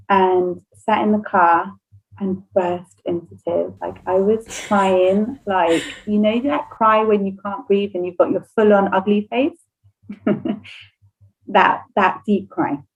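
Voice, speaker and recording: Spanish-native lady chatting about her kid, emotional, laughs a lot, kinda muffled recording. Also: medium pitch. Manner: emotional, animated, laughs often. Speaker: podcast host and nursery owner. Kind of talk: casual personal storytelling.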